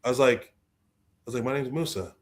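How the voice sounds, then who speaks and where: A young adult man, a guest author telling stories in a lively way, acting out the people he quotes. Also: mid-range voice, brisk. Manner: expressive, acts out quoted voices, repeats words. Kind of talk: animated storytelling in conversation.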